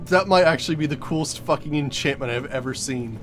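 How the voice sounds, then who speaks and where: A young man giving live gameplay commentary, excitable, laughing and exclaiming often. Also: a little high, fairly quick, soft background music. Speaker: game streamer.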